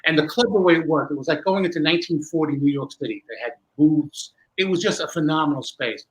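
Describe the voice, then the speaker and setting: A man, a magician guest, telling a long animated story with many restarts in a candid interview. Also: on the high side, fast talker, poor audio.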